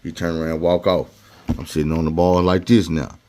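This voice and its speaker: A man's voice: sits low, little pitch movement, normal speed, warm tone. A man casually telling a personal story in slangy, conversational talk, acting out the people he quotes.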